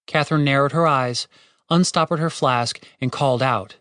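A man narrating a fantasy audiobook chapter with expressive storytelling. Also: medium pitch, moderate pace, no room sound, clean studio sound. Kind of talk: scripted narration.

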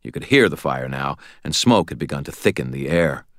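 A man narrating an audiobook in a wry, expressive storytelling manner. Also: extremely low pitch, brisk, no room sound, clean studio sound.

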